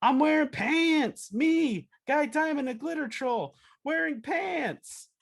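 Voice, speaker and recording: A man voicing a giddy, show-off male cartoon troll who squeals and shouts gleefully. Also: extremely high pitch, expressive, slow, pitched above the performer's own voice, heavily acted.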